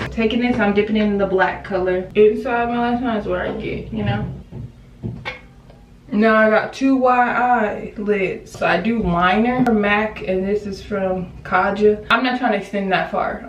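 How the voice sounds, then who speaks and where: A woman's voice: mid-range voice, slight background noise. A young woman talks through her makeup routine in a loose, chatty way, drifting into playful asides. Her voice sits in the middle range and comes across a little distant, with a roomy echo around it. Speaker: beauty vlogger. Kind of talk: casual makeup tutorial chat.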